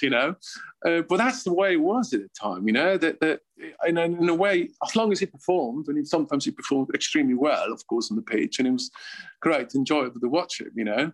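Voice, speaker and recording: Swiss guy in his 50s rambling footy stories, laughs a lot, kinda high voice. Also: animated, moderate pace, rough recording. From Switzerland. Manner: chuckles often, rambling restarts. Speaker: interview guest, former footballer. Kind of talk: casual storytelling.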